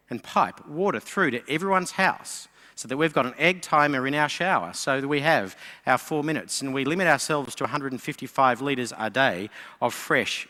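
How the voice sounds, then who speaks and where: Bright-voiced man giving a talk. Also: medium pitch. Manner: lively storyteller, voices characters in jokes. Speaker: keynote speaker. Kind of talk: conference talk with jokes. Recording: long hall reverb.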